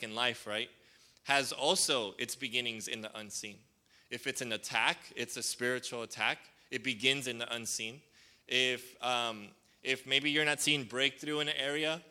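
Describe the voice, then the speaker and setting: A man giving a relaxed sermon in a strikingly bright, forceful tone. He talks in loose, rambling sentences full of fillers and checks in with his congregation for agreement. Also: medium pitch. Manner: calls for responses from the congregation. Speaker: pastor. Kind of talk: casual conversational sermon.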